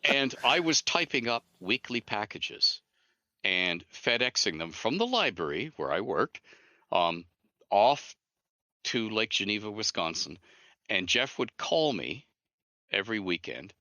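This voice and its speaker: A man being interviewed as an author and game designer, telling stories in an animated way and acting out the dialogue. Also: fairly low pitch, measured pace, no room sound. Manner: animated storyteller who acts out dialogue. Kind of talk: interview storytelling.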